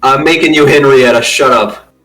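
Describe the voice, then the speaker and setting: A man's voice: mid-range voice, normal speed, bright, forceful tone, faint music behind, poor audio. A man acting as game master, casually directing players in an online tabletop game.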